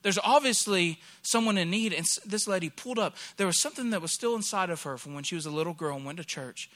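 A pastor from Alabama, a man in his thirties, preaches a sermon through a lively personal story, acting out the people he quotes. His voice is high-pitched and his pace quick.

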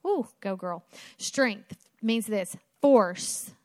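A woman's voice: medium pitch, lively intonation, extremely slow, darkish tone, no echo. A woman preaching a sermon in an emphatic way, asking rhetorical questions and repeating phrases for effect.

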